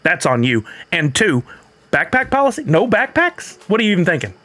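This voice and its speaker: A man's voice: sits high, big pitch swings, fairly quick, bright, forceful tone. A middle-aged man hosting a stream, telling a story in casual chat and acting out both sides of the conversation. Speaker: streamer host.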